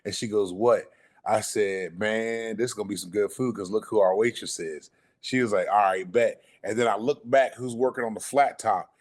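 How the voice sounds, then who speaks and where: Animated, profane man telling a story. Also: on the low side, normal speed. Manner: animated, profane, acts out quotes. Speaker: podcast guest. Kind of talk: casual storytelling.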